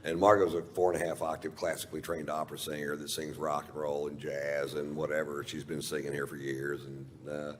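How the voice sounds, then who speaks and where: A man's voice: very deep voice, level tone, a little fast, few pauses, slight background noise. A middle-aged man telling a long profane story on stage in a dry, drawling way. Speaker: stand-up comedian. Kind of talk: stand-up storytelling. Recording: live stage recording with long hall reverb. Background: faint audience laughter.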